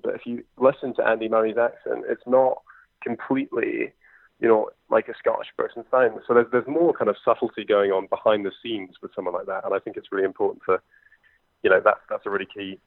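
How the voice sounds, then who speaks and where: There's vocal fry in this man's low-leaning voice, which barely moves in pitch. He's an impressionist and comedian from England, in his twenties with a London accent, talking fast and chattily with lots of fillers in an interview, recorded over a dry, tinny phone line with no echo.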